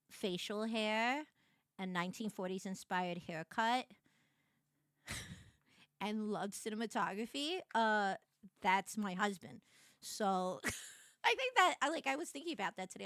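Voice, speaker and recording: A young woman chatting with her stream audience in a loose, giggly way, her talk full of likes and you-knows. Her voice is bright and swings widely in pitch. She is heard through a dry, close desk mic in a small room at home. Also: smooth, no room sound. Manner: chatty, filler-heavy, giggly, bursts into shrieks. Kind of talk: casual chat with viewers.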